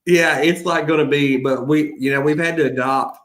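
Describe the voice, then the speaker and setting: A man's voice: on the high side, fairly even intonation, moderate pace, fairly bright tone. A man with a Southern US accent hosting a podcast in casual, joking chat, rambling and laughing often. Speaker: podcast host.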